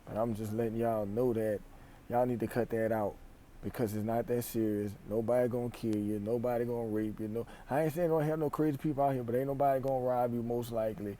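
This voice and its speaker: A young man from Louisiana with a Louisiana accent, giving an animated, emphatic slang-filled vlog monologue in a store aisle, recorded on a phone camera. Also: medium pitch, fast talker. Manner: animated, emphatic, repeats phrases, speaks in slang. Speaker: vlogger.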